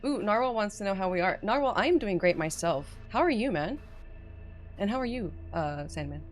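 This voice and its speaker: A woman's voice: medium pitch, lively intonation, fairly quick. A woman hosting a casual game stream, chatting with a guest and reading chat aloud with frequent laughter. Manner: bubbly, laughs often, reads chat aloud. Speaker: streamer host.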